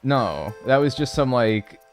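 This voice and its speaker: A man's voice: medium pitch, big pitch swings, slow pace, soft background music. A man in his twenties, a game streamer chatting casually with live viewers in a rambling, joking way. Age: 20s. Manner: rambling, joking, full of filler "like".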